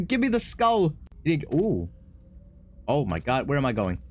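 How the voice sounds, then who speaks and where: A man streaming a horror game, joking, excitable and laughing often. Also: fairly high pitch, a little slow, breathy edge. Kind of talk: horror game let's play commentary.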